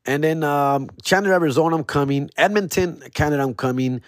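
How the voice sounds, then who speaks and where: A comedian runs a loose, solo podcast monologue. He sits on the higher side of the usual male pitch and talks in a laid-back, slang-heavy way, full of casual profanity. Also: brisk, few pauses.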